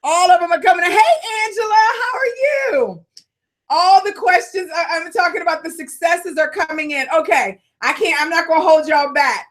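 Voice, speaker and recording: High voiced lady running a live business call, fired up, shouting hellos. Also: brisk, few pauses. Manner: excitable, shouts greetings, fired up; high-spirited.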